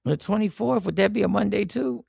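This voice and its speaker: Gravelly podcast guy swearing his way through a work story, dry close sound. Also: high voice, fairly quick, no echo. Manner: profane, animated storyteller, acts out quoted voices. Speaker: podcast host. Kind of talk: casual chat storytelling.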